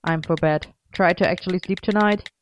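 A woman's voice: on the low side, moderate pace, a little hiss or hum, close to an everyday voice. A woman reading a firm, caring young man. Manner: firm, protective. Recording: dull lo-fi dry recording.

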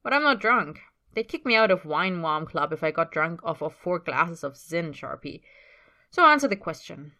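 A woman's voice: lowish voice, sing-song, normal speed, bright, forceful tone. A woman voicing a brash young male hockey player who needles and pushes. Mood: pushy. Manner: pushy, needling.

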